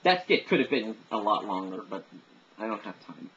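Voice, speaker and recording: A man's voice: fairly low pitch, sing-song, normal speed, a bit bright. A man chatting casually as he demonstrates his voices, rambling and self-deprecating. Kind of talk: casual chat to camera. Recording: dull lo-fi recording with faint noise.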